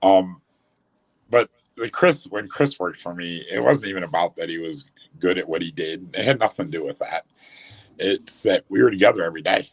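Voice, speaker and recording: A man's voice: low voice, moderate pace, poor audio. A man, a former speedway owner, telling old racetrack stories in a casual chat, rambling with restarts.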